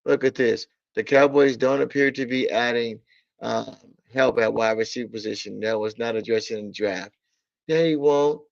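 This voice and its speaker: A man with a drawl rants about his team, blunt, exasperated and full of profanity. His voice sits at an ordinary mid pitch. The sound is dry and muffled, like cheap lo-fi streaming audio. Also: normal speed, creaky, no room sound. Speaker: sports talk streamer. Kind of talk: casual sports rant. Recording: dull lo-fi audio.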